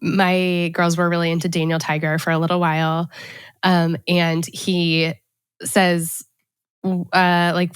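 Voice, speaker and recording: A woman's voice: lowish voice, level tone, a little slow, clean tone, no room sound. A woman in her thirties hosting a casual podcast, chatty and telling stories about her kids. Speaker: podcast host.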